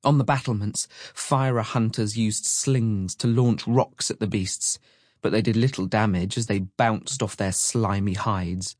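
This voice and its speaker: A man narrating an adventure story in a measured, dramatic storytelling manner. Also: on the low side, steady tone, darkish tone, no echo, clean studio sound. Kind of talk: audiobook narration.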